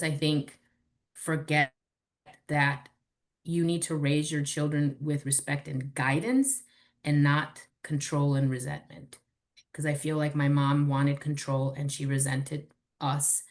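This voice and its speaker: A woman's voice: deep voice, unhurried. A woman in her forties, a podcast guest, candidly and animatedly telling personal stories in casual chat. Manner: candid, animated storytelling with swearing.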